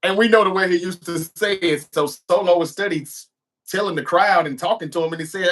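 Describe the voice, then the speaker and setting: A man's voice: high-pitched, fairly quick, fairly bright tone. A man hosting a show, giving a casual recap of a wrestling episode and acting out the wrestlers' lines as he goes. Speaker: show host.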